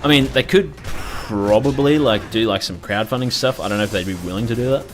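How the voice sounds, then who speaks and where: A man's voice: on the low side, fairly quick, soft background music. A young man chatting loosely as a gaming streamer, rambling and swearing freely. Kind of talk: casual live-stream commentary.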